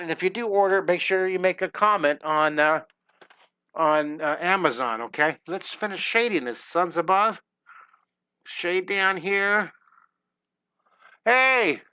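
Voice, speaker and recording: A chatty, enthusiastic middle-aged man talks through a live drawing lesson from a home studio. His voice sits a touch high and sounds bright and lively. The sound is dry, with no room echo. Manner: upbeat, chatty, enthusiastic with exclamations. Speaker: drawing teacher.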